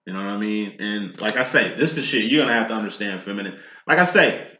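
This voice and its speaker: A man's voice: fairly low pitch, fast, bright, forceful tone, reverberant. A man giving a casual tarot reading in a profane, streetwise and preachy way. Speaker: tarot reader.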